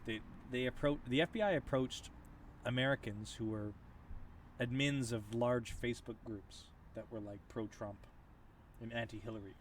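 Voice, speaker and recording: A man's voice: medium pitch, moderate pace. A man chatting on a stream, telling stories with lots of restarts and stumbles. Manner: animated storytelling with many restarts. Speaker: stream co-host. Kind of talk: casual chat. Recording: distant mic with light outdoor noise.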